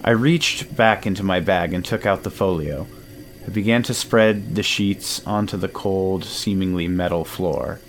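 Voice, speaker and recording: A man narrating a first-person audio drama in a measured storytelling way. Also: sits low, a little hiss or hum. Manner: measured storytelling, nervous stammer in own lines.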